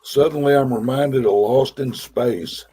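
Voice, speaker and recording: A man with a very raspy, husky voice chats on a livestream. He drawls his lines in an easy folksy way, teasing the host. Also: medium pitch, a little slow, warm tone, faint music behind. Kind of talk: casual livestream chat.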